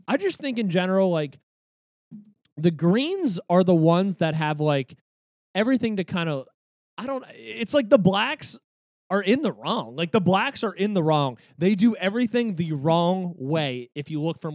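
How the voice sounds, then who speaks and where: A man co-hosting a podcast, talking in an animated, rambling way with lots of fillers. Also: high-pitched, moderate pace, no room sound, clean studio sound. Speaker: podcast co-host. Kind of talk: casual chat.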